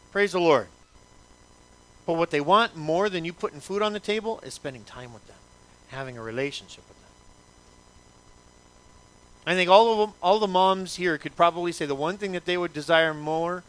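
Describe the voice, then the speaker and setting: A man's voice: fairly high pitch, fairly bright tone. A male pastor preaching a sermon in an emphatic, repetitive way, asking the congregation many rhetorical questions.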